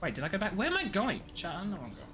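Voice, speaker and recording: A man, chatting casually while streaming a game, excitable and quick to laugh. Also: sits high, over music. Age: 20s. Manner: excitable, laughs often, rambling restarts. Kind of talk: casual gameplay chat.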